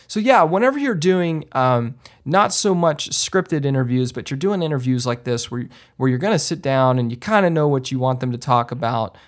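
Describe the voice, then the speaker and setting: Man, podcast host, casual how-to talk, emphatic, lots of ums, mid-pitched voice. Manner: emphatic, frequent ums and restarts; lively swings up in pitch when stressing a point.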